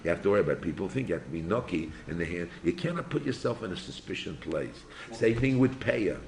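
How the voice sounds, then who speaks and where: An older rabbi leads a yeshiva class in a loose, lecture-style session, firing animated rhetorical questions at his students. His voice is low and creaky, and he talks at a quick pace.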